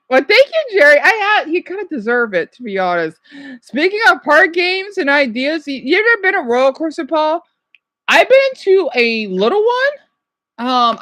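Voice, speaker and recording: A woman's voice: mid-range voice, a bit bright, no room sound. A woman streaming and reacting to videos in casual, rambling chat, trailing off and restarting often. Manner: chatty, trailing off and restarting, laughs easily.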